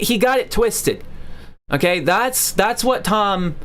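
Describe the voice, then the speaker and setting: A man's voice: sits high, wildly swooping pitch, slow pace, a bit bright. Profane, sarcastic ranting male streamer. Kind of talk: livestream rant.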